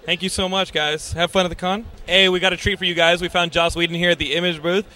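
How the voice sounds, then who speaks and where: A playful man works the convention floor as an interviewer, trading teasing jokes with the people he meets. His voice sits a little high. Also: flat delivery, quick pace, pushed and bright.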